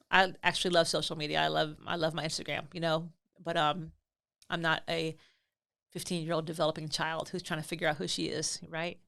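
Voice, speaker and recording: Middle-aged woman, podcast host, slightly low voice, earnest and emphatic, chatty advice with fillers. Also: fairly bright tone. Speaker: podcast host and parenting advisor. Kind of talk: casual advice talk.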